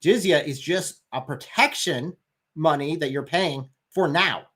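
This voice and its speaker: A man's voice: a little high, a little slow, a bit bright, husky. A man making his case in a livestream discussion, emphatic and sarcastic at times.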